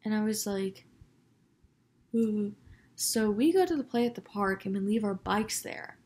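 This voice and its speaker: A woman's voice: medium pitch, expressive, a little mellow. A teenage girl vlogger telling a story to camera in a chatty, casual way. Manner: chatty, quick, quotes people with put-on voices.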